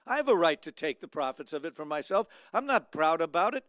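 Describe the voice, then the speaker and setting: Man preaching, hushed to emphatic. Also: a little high, big pitch swings, fairly quick, no echo, studio quality. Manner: storytelling, swinging from hushed to emphatic. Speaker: radio preacher. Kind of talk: sermon.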